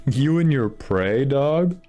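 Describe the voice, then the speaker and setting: A man's voice: mid-range voice, expressive, very slow, warm tone, soft background music. A young man streaming a video game, reacting with constant frustrated swearing as he plays. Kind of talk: live gameplay commentary.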